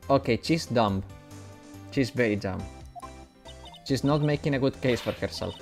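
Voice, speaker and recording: A man's voice: mid-range voice, animated, moderate pace, creaky, pauses often, darkish tone, soft background music. A man chatting casually as he streams a game, laughing at himself and stumbling over his words. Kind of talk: live gaming commentary.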